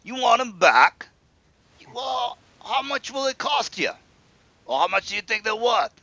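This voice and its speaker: A pompous bandit leader in a tabletop game, haggling and threatening, as a man puts him on. The voice sits raised and swings widely, with a gravelly, bright bite. It sounds dry and a little dull. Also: extremely high pitch, animated, measured pace, no echo, pitched above the performer's own voice, exaggerated voice. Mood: haughty. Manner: haughty, bargaining. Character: pompous male bandit leader, demanding and greedy.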